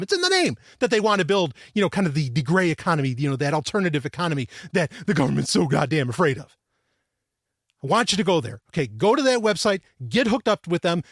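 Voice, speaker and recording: A man hosting a tech podcast, excitable and loud, swearing and laughing as he talks. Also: high voice, no room sound, studio quality. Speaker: podcast host. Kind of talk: tech podcast monologue and sponsor read.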